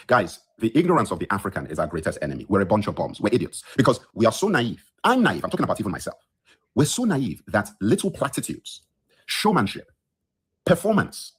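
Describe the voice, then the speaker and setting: Just awake in his bedroom, a podcast host rants heatedly into his phone for a solo livestream. His lowish, breathy voice sounds indignant and emphatic, and he repeats lines for effect.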